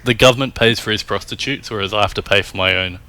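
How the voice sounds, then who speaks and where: Australian male guest, low and bright-toned, relaxed and profane. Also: quick pace. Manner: laid-back, swears freely, trails off with fillers. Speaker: podcast guest. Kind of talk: casual chat.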